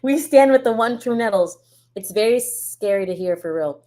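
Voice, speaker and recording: A woman from the United States chatting casually as a reaction streamer, blunt and profane, quick to laugh. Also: fairly high pitch, animated, dark tone. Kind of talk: casual ranting reaction chat.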